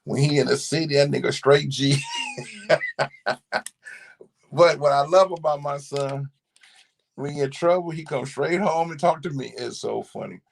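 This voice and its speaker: A middle-aged man telling family stories in a casual monologue, animated and profane. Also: on the high side, normal speed, gravelly. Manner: animated storytelling, profane slang. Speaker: commentator.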